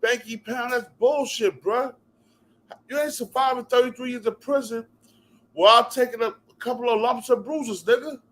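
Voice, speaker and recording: A man's voice: very high-pitched, moderate pace, a bit bright. A man from New Jersey ranting to camera as a vlog commentator, heated and repetitive, cutting in with "yo" and "bruh". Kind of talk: profane rant to camera.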